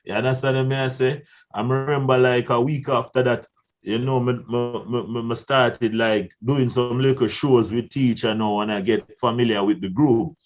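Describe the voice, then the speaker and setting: A man's voice: mid-range voice, normal speed. A young man with a Jamaican accent telling stories in a casual interview, laughing often and acting out the voices of people in his tale. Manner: animated storyteller who laughs often and acts out voices. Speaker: guest artist.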